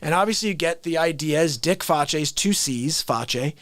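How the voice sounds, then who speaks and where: A man's voice: on the high side, animated, normal speed, a bit bright, no room sound. A man hosting a livestream, telling a rambling comic story in a casual, self-interrupting way. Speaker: livestream host.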